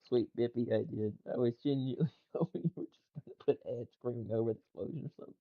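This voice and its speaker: A man's voice: mid-range voice, fast, narrow, tinny audio. A man casually reacting to gaming clips and tweets, laughing often and swearing loosely. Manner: laughs a lot, loose and profane. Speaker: gaming news streamer.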